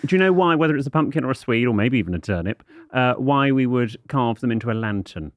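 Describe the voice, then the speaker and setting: Lively, precise British man, dry studio sound. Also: mid-range voice, fast talker, no room sound. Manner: lively, precise, lecturing tone when explaining facts. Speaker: podcast co-host. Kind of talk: casual podcast chat with explainer segments.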